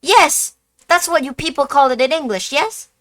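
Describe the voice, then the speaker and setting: A woman voicing an excitable, theatrical male passenger who exclaims indignantly. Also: high voice, normal speed, voice pushed up.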